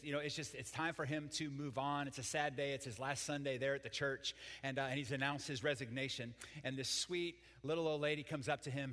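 A man's voice: medium pitch, bright, forceful tone, in a large hall. An older man preaching a sermon as pastor, folksy and joking with the congregation. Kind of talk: sermon with jokes.

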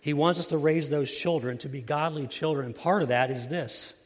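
Man preaching in a reverberant hall. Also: on the high side. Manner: earnest, slows and softens for emphasis. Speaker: pastor. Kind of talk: sermon.

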